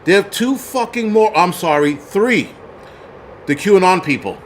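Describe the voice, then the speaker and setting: A man's voice: sits high, lively intonation, measured pace, a little hiss or hum. A man hosting a show, ranting angrily and profanely at his viewers. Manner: profane, shouting, ranting at chat. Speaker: host. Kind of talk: angry livestream rant.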